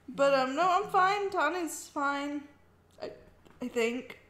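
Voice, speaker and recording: Giggly high-voiced woman, roomy echo. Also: animated, slow pace, fairly bright tone. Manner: giggly, chatty. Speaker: stream co-host reading chat. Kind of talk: casual livestream chat.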